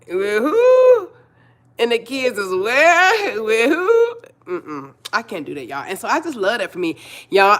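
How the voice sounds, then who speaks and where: Live-streaming casually, a woman chats bluntly with her viewers and tends to say things more than once. She speaks at a medium pitch with a fairly bright tone.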